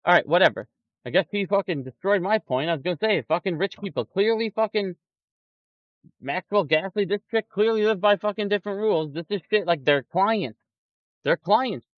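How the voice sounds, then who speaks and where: In a high-pitched voice at normal speed, a male stock market streamer gives angry livestream commentary laced with swearing, ridiculing those he quotes through put-on voices. Dull, lo-fi and dry, the recording has no echo.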